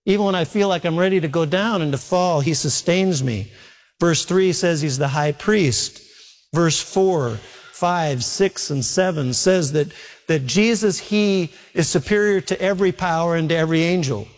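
A man preaching a sermon as pastor, animated, firing off rhetorical questions to his church. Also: a little high, normal speed, in a large hall.

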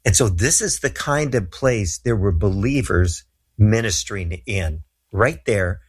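A man's voice: fairly low pitch, animated, measured pace, breathy edge. A middle-aged man, a guest minister, telling a story earnestly and with animation in a talk show interview.

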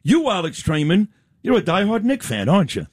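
A middle-aged man hosts a talk show with a fairly high, lively voice that swoops as he tells stories. He speaks emphatically and with animation. The recording is dry and close. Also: fairly quick, no room sound. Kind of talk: conversational interview.

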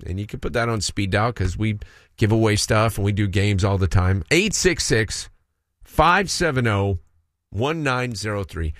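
A man's voice: on the low side, no room sound, clean studio sound. A man hosting a radio morning show, joking with co-hosts and reading out a game promo with a call-in number. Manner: lively, jokey, fast promo delivery.

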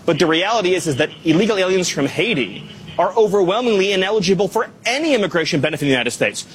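A man with a high, quick voice makes a firm, insistent political statement. A faint hum of ambience sits behind him. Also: very animated, poor audio. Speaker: political guest on a news segment.

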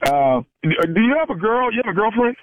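A man's voice: sits high, big pitch swings, moderate pace, no room sound. A man making a prank phone call, pushy and stifling laughs as he talks. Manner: pushy, laughs under his breath. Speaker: prank caller.

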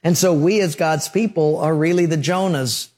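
Man preaching with slow emphatic phrases. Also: on the high side, darkish tone. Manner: storytelling with acted-out quotes and sound effects; slows down for emphasis on key phrases. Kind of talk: sermon.

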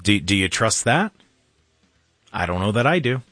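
A man's voice: on the low side, big pitch swings, normal speed, fairly bright tone, no room sound, faint music behind. Chatty male show host, dry close sound. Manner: chatty, rambling, frequent restarts and fillers. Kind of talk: casual live-stream show chat.

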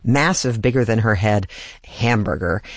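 An older man hosting a music program, telling anecdotes in a loose, rambling way and stopping to correct himself. His voice sits fairly low. The recording is dry and close, with no room sound. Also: normal speed, no echo. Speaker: radio music host. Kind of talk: casual storytelling between music.

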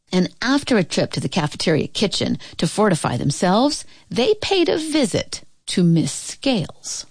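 A woman reading a picture book aloud in an expressive, playful way. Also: on the high side, no room sound. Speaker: storybook reader.

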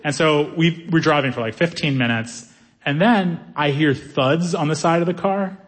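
A man doing stand-up comedy, telling a story in an animated way and acting out the people in it. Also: fairly high pitch, moderate pace. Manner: animated, acts out characters' voices.

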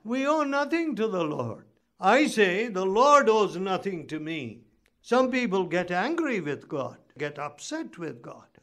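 A man's voice: sits high, sing-song, a little slow, fairly bright tone. A man preaching a sermon, reading scripture and asking the listeners pointed rhetorical questions. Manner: emphatic, rhetorical questions, reads scripture aloud.

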